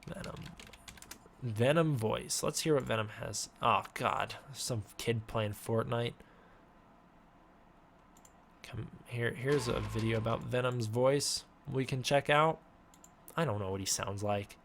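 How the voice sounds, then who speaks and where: A man hosting a casual live-stream Q&A, giving offhand, halting answers to chat questions. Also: medium pitch, vocal fry, fairly bright tone, slight background noise. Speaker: host.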